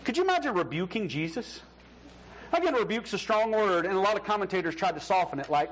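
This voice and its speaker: A man's voice: high-pitched, sing-song, moderate pace, a bit bright, poor audio. A man preaching a sermon as pastor in a conversational style, acting out the voices he quotes.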